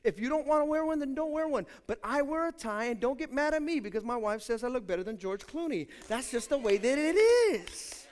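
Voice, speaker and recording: A man preaching a sermon as pastor, emphatic and speaking straight to his congregation, moving between quiet asides and loud declarations. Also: very high voice, animated, fast, hardly any pauses, clean tone.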